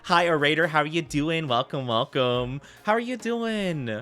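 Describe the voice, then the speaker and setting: Bright-voiced chatty male streamer. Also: a little high, lively intonation, moderate pace, faint music behind. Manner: rambling and giggly, full of filler "like". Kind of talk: casual live-stream chat.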